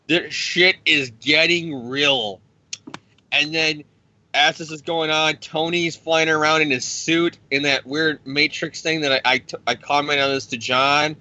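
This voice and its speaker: A bright, fairly high male voice tells a comic-book story with crude sarcasm and plenty of swearing. He trips over his words and restarts often. The recording is dry and close but dull and lo-fi. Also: dry recording. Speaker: comics podcast host. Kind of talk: casual comic recap with put-on voices.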